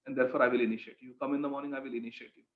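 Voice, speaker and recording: A man's voice: medium pitch, little pitch movement, very fast, voice pushed down, close to an everyday voice. A man voicing an old forest sage, commanding and fatherly. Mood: gentle. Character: old forest sage, stern then kindly. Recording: echoey, dull lo-fi room recording.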